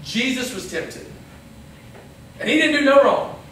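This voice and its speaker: High-voiced man preaching in an echoey hall. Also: expressive, unhurried, fairly bright tone, recorded from a distance, a little hiss or hum. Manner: conversational, acts out little quoted lines. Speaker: pastor. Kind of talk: casual youth sermon. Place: church hall.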